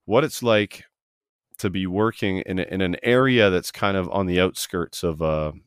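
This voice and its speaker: A man's voice: sits low, a little slow, clean tone, dry recording, studio quality. A Canadian man hosting a trade podcast in a chatty, rambling way, often restarting his sentences. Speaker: podcast host. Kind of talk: casual interview. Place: home basement studio.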